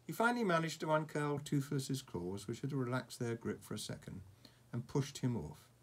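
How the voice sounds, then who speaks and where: A man reading a storybook aloud to a child, pausing for asides about the pictures. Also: medium pitch, expressive, slightly rough. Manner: warm asides, chuckles at the pictures.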